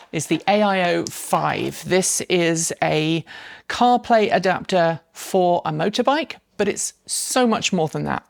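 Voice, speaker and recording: Woman, casual home vlog, somewhat low pitch, dry room. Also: vocal fry, no room sound. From United States. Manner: chatty, explains with asides. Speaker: channel host. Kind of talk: casual vlog with sponsored segment.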